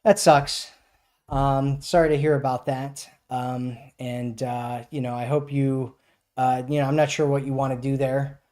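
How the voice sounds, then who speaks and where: Guy doing dating coach q&a on a stream, warm mellow voice, super casual, lots of "like" and "right?". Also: medium pitch, fairly even intonation, a little slow. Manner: casual, filler-heavy, keeps asking "right?". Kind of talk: live chat advice stream.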